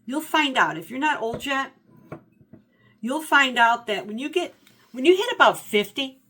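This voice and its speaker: A woman in her fifties chatting casually about her favorite books, rambling and animated, correcting herself as she goes. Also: high voice, measured pace. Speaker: book vlogger. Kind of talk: casual book review chat.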